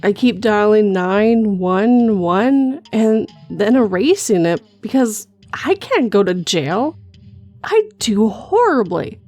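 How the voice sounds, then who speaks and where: A woman narrating a first-person horror story, with measured scripted storytelling. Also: a little high, a little mellow, no echo.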